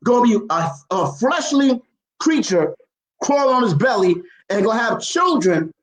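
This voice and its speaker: A man's voice: extremely high pitch, very animated, measured pace, echoey room, rough recording. A man in a heated religious debate, quoting scripture and repeating his points insistently.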